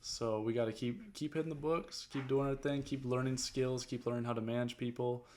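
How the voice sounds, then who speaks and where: A man's voice: mid-range voice, steady tone, fairly quick, darkish tone, slight background noise. A young man, a detailing business owner talking casually to camera, rambling with many fillers as he coaches viewers. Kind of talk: casual vlog talk.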